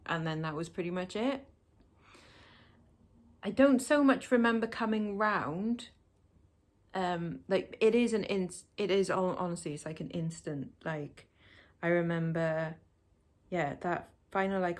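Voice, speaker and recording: A woman's voice: lowish voice, fairly even intonation, normal speed. A woman casually recounting a personal experience to camera, chatty and full of fillers, acting out the conversations she had. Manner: chatty, lots of fillers, acts out quoted exchanges. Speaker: vlogger. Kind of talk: casual storytelling vlog.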